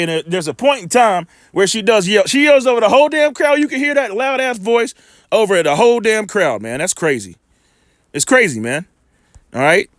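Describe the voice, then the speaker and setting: High, lively-voiced man preaching casually. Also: dry recording, clean studio sound. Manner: emphatic, colloquial, drawn-out slow scripture reading. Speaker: preacher commenting on video clips. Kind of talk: informal scripture commentary.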